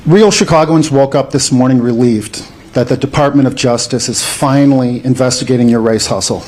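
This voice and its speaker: A man questioning a politician in public, speaking in a deliberate, accusatory way. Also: medium pitch, a little mellow, slight background noise.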